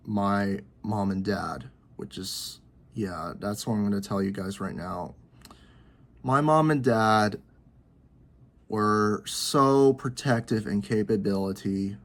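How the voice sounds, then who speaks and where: A young man in his twenties speaks to camera from his bedroom. His voice sits somewhat low, and he rambles, circles back and restarts sentences as he goes. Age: 20s. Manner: rambling, repetitive, halting. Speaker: vlogger. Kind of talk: personal talk to camera.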